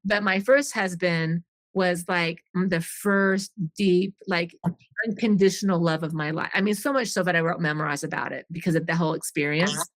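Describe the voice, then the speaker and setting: A woman's voice: on the low side, fairly even intonation, moderate pace, no echo. Earnest middle-aged woman, candid storytelling. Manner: earnest, rambling, often restarts and acts out quoted dialogue. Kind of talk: candid personal storytelling in a podcast conversation.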